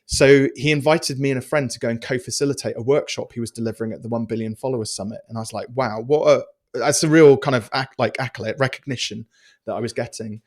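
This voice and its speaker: A man's voice: mid-range voice, fast talker. Chatty man telling a story. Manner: animated, chatty storyteller with many restarts and fillers. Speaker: podcast guest. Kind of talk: casual storytelling interview.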